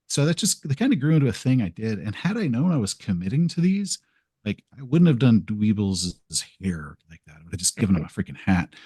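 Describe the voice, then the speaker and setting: A man's voice: fairly low pitch, sing-song, fairly quick, warm tone, slightly rough, no room sound, studio quality. A man being interviewed as a podcast guest, telling rambling, self-deprecating stories and acting out what he said. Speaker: podcast guest, game video creator. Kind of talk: casual interview storytelling.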